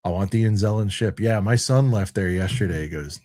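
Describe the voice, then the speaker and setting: A man's voice: on the low side, brisk, dark tone. A man in his thirties on a review panel, chatting casually and rambling, with lots of "dude" and "like". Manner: rambling and laid-back, full of "dude" and "like". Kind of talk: casual chat.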